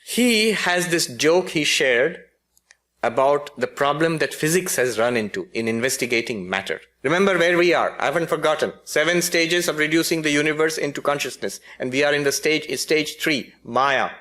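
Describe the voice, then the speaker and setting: A man's voice: a little high, moderate pace, pushed and bright. A man, a spiritual teacher, giving a philosophy lecture with humorous storytelling and frequent self-corrections.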